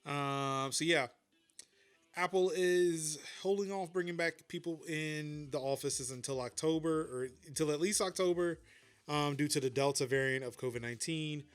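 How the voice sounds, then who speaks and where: Man host, fairly high voice, casual swearing tech chat, faint music under it. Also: normal speed, clear, resonant tone. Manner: casual, swears, reads headlines. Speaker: podcast host.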